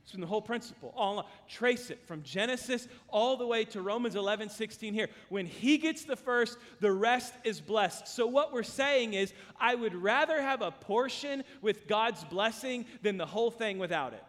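A man's voice: sits high, expressive, moderate pace, few pauses, fairly bright tone. A man preaching a sermon as pastor, earnest and emphatic, mixing scripture with personal stories. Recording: long hall reverb.

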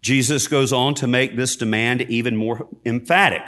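A man preaching a sermon as a priest, emphatic, rising loud on key points and dropping low and quiet, with self-deprecating asides. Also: fairly even intonation, moderate pace, few pauses.

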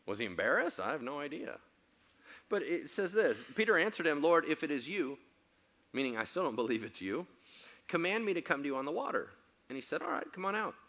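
A male pastor preaching a sermon, telling stories animatedly, acting out quotes and building to loud excited passages. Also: a little high, a little fast, muffled recording.

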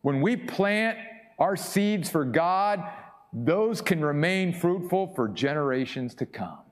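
Male pastor preaching, emphatic and repetitive, measured pace, lively high voice. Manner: emphatic, repeats key phrases. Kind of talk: sermon.

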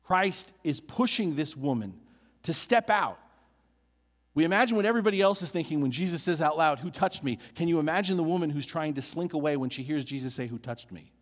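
A man preaching a sermon as a pastor, animated and building emphasis through repeated phrases. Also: a little high, fairly quick, long reverb tail.

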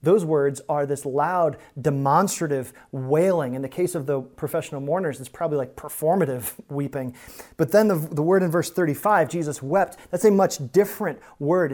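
Brief: male pastor mid-sermon, earnest, talks to the congregation like friends, drops to a hush then builds. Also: a little high. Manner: earnest, shifts from hushed to emphatic; conversational asides to the congregation.

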